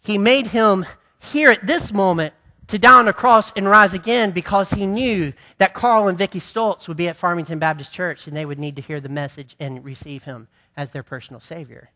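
Bright-voiced male pastor preaching. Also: high-pitched, normal speed. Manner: impassioned preaching, then quieter and conversational. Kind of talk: sermon.

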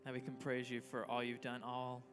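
Man praying over music, flat voice. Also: mid-range voice, fairly quick. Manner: earnest, steady prayer over soft music. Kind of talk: spoken prayer. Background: music playing.

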